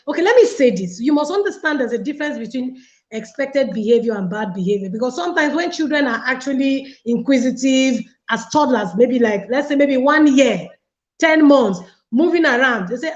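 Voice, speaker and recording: A woman pastor, answering a parenting question in a live online session, searching for words with fillers. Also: high-pitched. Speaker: pastor and guest speaker. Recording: roomy dull audio.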